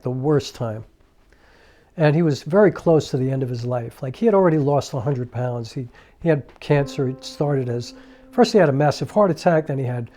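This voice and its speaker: A middle-aged man earnestly telling a personal story in a conversational way, with restarts and asides, over soft piano music. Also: mid-range voice. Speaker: filmmaker and storyteller.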